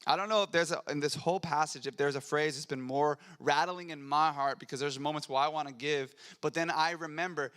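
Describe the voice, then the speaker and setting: A man's voice: on the high side, steady tone, fairly quick, few pauses, a bit bright, smooth. A young adult man preaching a sermon in a church, conversational and earnest, rising to fervent emphasis. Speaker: pastor. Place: church sanctuary.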